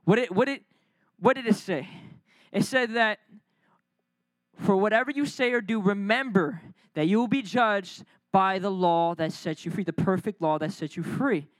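A man's voice: high voice, moderate pace, no room sound, poor audio. A male preacher delivering an emphatic, repetitive sermon, speaking directly to his church.

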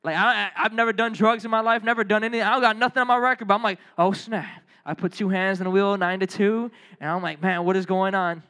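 A man preaching a sermon as a youth pastor, telling lively stories and calling on the crowd to respond. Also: high-pitched, quick pace, few pauses.

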